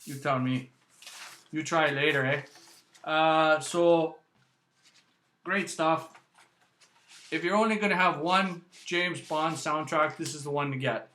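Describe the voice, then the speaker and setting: Canadian male host, casual rambling delivery, bright tone, roomy echo. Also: fairly high pitch, slow pace, long pauses. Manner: chatty, rambling, frequent "eh" and "right". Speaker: music vlog host. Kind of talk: casual vinyl review.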